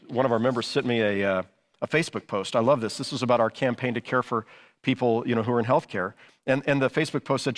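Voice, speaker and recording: A man's voice: mid-range voice, long reverb tail. A middle-aged male pastor preaching a sermon in a conversational way, often restarting his sentences and saying "you know".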